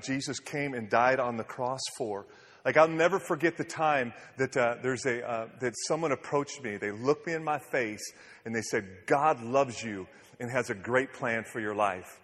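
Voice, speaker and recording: A man's voice: medium pitch, a bit bright. A man preaching in an earnest, conversational way, often restarting his sentences, in a church hall. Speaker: pastor. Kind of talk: sermon. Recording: echoey hall.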